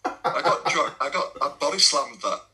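A man's voice: fairly high pitch, moderate pace, a crowd in the background, low-quality recording. A young English man, a non-league footballer, telling laddish stories in a casual podcast chat, swearing and laughing as he goes.

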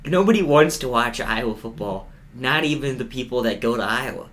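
Animated young man ranting sarcastically. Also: medium pitch, a little fast, a little hiss or hum. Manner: animated, sarcastic storyteller with self-mocking gloom. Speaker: podcast co-host. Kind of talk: casual sports chat.

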